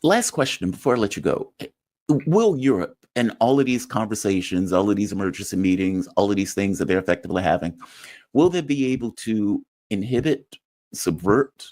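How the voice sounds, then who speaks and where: A man hosting an interview, asking a measured question that builds through a list of points. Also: fairly low pitch, lively intonation, a little mellow. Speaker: interview host.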